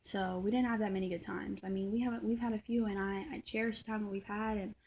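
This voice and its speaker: A woman's voice: medium pitch, steady tone, fast, a little mellow, slight background noise. A young woman vlogging about her relationship in a rambling, reflective way, often restarting her sentences. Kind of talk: personal confessional vlog.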